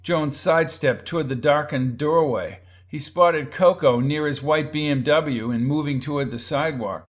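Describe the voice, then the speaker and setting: Here a man's slightly high voice moves at a moderate pace with few pauses. Working as an audiobook narrator, he performs a crime novel as scripted narration, altering how he speaks for each character.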